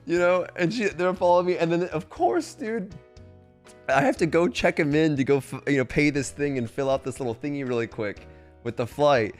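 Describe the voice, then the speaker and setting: A young man streams a rambling, profane story to his chat. He jumps into squeaky impressions of the people he met. Faint music plays under his voice. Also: fairly quick. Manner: animated, profane, high-pitched mimicry of others. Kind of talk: casual storytelling.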